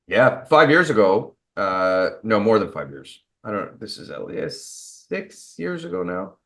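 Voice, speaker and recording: Low-voiced man, candid rambling guest. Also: big pitch swings, measured pace, fairly bright tone. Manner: candid, rambling with fillers and restarts. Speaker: guest, martial arts expert. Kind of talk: casual interview storytelling.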